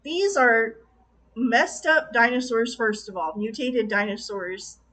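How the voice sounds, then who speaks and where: A woman with a high voice delivers a casual film review straight to her viewers. She speaks with passion, exclaims often and laughs easily as she vents her frustrations. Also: takes it slowly, a bit bright, slight background noise.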